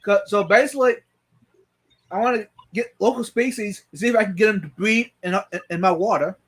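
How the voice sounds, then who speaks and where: A man hosting a casual live stream, talking in halting starts and repeating words as he reads viewer comments. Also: high-pitched, a bit bright, slightly rough.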